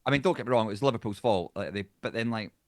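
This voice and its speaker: A man with a Scottish accent chatting bluntly as a podcast guest, swearing freely and animated. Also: on the low side, very fast, no room sound, clean studio sound. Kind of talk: casual chat.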